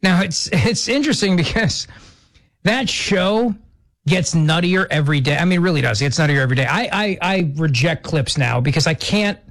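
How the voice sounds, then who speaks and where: A male talk radio host with a high, strongly animated voice. He mocks and jokes in a sarcastic, quick back-and-forth with his producer. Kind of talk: conservative talk radio banter.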